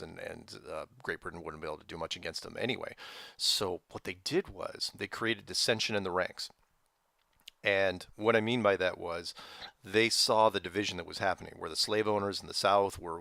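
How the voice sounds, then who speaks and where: A man's voice: deep voice, vocal fry, pushed and bright, no echo, clean studio sound. A man giving an off-the-cuff history explanation, rambling with many restarts and fillers. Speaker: commentator.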